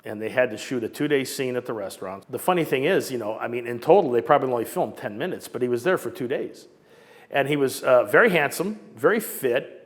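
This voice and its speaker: A man in his sixties from Southern California, telling old stories in a casual, lively way and acting out the people he quotes. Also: medium pitch, fairly quick, long reverb tail. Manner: animated, acts out quoted voices. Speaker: storyteller recounting memories. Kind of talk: casual storytelling interview.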